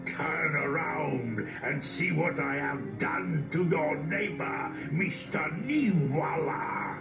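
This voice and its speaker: A man doing a slow, menacing costumed monster. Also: on the high side, gravelly. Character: creepy male monster in a costume, sneering. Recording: roomy, distant sound with music.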